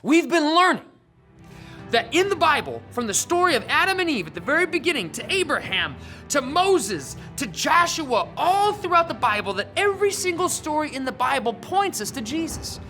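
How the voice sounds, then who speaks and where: A woman hosting a children's church show, telling a Bible lesson in a playful, animated storytelling manner. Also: sits high, moderate pace, soft background music. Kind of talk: lively kids' Bible lesson.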